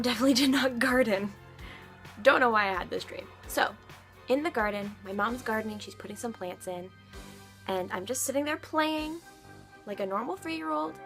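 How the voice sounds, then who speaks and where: A woman's voice: a little high, fairly bright tone. A woman in her twenties chatting to camera as a vlogger, telling stories casually, giggling and swearing now and then. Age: 20s.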